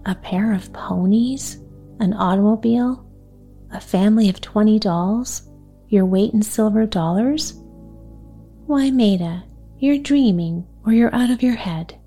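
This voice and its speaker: A woman's voice: medium pitch, mellow, husky, soft background music. A woman reading aloud, voicing a practical little neighborhood girl who talks in a reasonable, coaxing way. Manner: reasonable, coaxing, quick talk.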